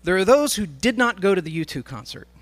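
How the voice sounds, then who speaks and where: A man's voice: high voice, sing-song, a little fast, a bit bright. A man speaking to a live congregation, telling a story in a sermon as he addresses the crowd directly.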